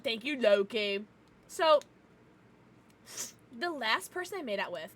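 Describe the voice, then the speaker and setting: A young woman streamer chatting casually with her viewers from a home setup, loud, giggly and profane, her nose stuffed up from crying. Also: on the high side, very animated, fairly quick, very noisy. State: congested from crying. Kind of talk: casual livestream chat.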